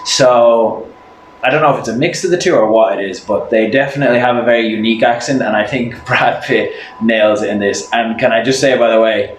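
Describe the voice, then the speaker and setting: An easygoing young Irish man hosts a reaction video and explains things casually. His voice is mid-pitched, and it sounds roomy with a faint hiss behind it. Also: a little fast. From Ireland. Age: young adult. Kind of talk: casual chat.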